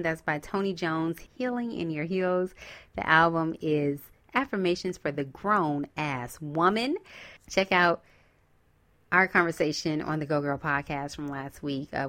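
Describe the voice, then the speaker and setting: A woman hosting a podcast and giving a casual, encouraging motivational talk, using with bursts of whoops and laughter. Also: on the low side. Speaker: podcast host.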